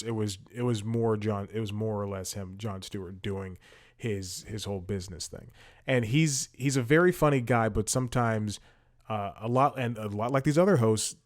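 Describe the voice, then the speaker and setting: A man hosting a casual commentary podcast, rambling with many restarts and fillers while he scrolls and multitasks. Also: lowish voice. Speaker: podcast host.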